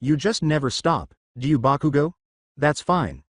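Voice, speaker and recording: A man's voice: fairly high pitch, lively intonation, normal speed, no echo, clean studio sound. A man voicing a weary teenage boy who answers in a level, impartial tone that turns menacing. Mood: mocking.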